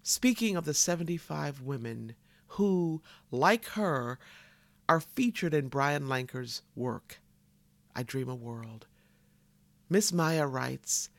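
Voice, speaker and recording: A man delivering a solemn spoken tribute, slow and reverent, with dramatic pauses that sink to near whispers. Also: a little high, lively intonation, gravelly, no echo. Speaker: tribute narrator.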